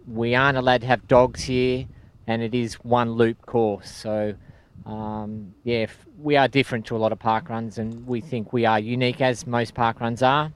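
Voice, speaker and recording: A man talks about his local course in an even, level voice. His tone is smooth and clean, and he pauses with "uh" and "um" as he goes. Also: mid-range voice. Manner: steady, hesitant with fillers. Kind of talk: interview answers.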